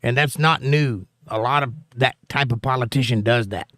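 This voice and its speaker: A man's voice: mid-range voice, moderate pace, a bit bright, dry recording, clean studio sound. A man with a Southern accent hosting a casual political livestream, reading viewer comments aloud with wry, joking asides. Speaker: livestream host.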